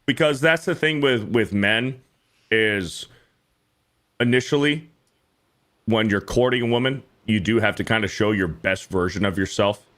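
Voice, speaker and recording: A man hosting a casual podcast chat, talking bluntly with lots of swearing and mimicking others in high mocking voices. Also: a little slow, fairly bright tone. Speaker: podcast host.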